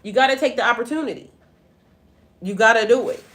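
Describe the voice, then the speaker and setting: A woman's voice: on the high side, fairly quick, fairly bright tone. A middle-aged woman giving a casual livestream tarot reading, talking straight to viewers and breaking into laughing, profane stories. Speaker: tarot reader and spiritual life coach.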